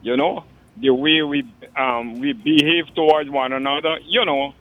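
A man's voice: a little high, moderate pace. An older man phoning in to a radio show, rambling and repeating himself with formal courtesies. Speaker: radio caller. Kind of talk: phone-in call to a radio show. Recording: tinny phone line.

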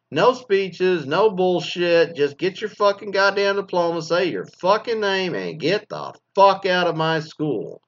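A man in his forties, a former teacher from Texas, ranting bluntly with constant swearing and animated storytelling. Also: sits high. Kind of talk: profane ranting monologue. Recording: slightly dull lo-fi recording.

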